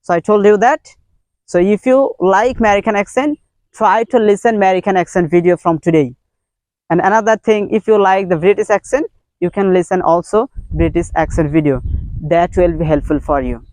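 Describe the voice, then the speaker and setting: A man's voice: high-pitched, moderate pace, darkish tone, dry recording. A man from Bangladesh, giving an informal video lesson on English as a teacher, earnest and repetitive in simple phrasing. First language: Bengali.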